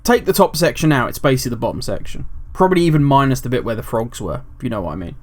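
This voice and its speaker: A man hosting casual gaming commentary, rambling and jokey, animated and swearing freely. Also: mid-range voice, very fast. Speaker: gaming video host.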